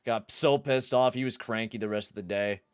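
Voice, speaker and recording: Excitable young man streaming a hockey game. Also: lowish voice, fairly quick, clear, resonant tone, no room sound, studio quality. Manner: excitable, swears, shouts at the game. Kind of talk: live gameplay commentary and chat.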